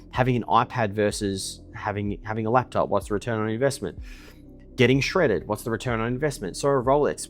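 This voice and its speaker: A man, boasting and swearing in a casual monologue to camera from his desk, ending points with a pushy "okay?". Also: lowish voice. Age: 20s. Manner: boastful and profane, keeps tagging "okay?". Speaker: email marketing business owner. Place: indoors at his desk in a villa.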